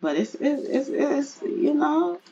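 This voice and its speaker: A woman voicing an earnest, laid-back young father with a husky voice. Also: sits high, big pitch swings, slow pace, dark tone, muffled recording, voice pushed up, full character voice.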